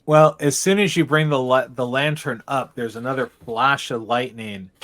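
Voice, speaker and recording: Male game master, mid-pitched voice, loose narration full of restarts, tabletop session. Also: fairly bright tone. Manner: meandering, halting narration with frequent restarts.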